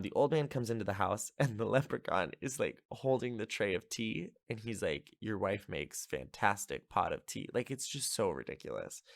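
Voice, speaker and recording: Chatty low-voiced man recapping a film. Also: creaky, a bit bright, no echo, clean studio sound. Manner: chatty, lots of filler "like", amused. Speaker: podcast host. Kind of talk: casual movie recap.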